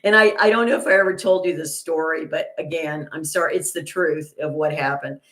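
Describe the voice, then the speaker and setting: A woman's voice: steady tone, fairly quick. An older woman hosting a casual livestream, chatty and rambling with many restarts and fillers. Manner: indignant, gets loud and high when retelling an argument. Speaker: channel host.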